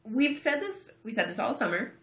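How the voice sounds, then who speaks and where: A woman co-hosting a podcast chats about her team with a lively, rising and falling pitch. Her bright voice rings in a roomy echo. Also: normal speed. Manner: chatty, laughs often. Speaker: podcast co-host. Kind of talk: casual sports chat.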